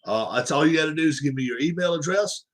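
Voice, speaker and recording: A fast-talking livestream host with a fairly high voice and lively intonation launches into an opinionated sports rant. He's emphatic, repeating his points and firing off one rhetorical question after another.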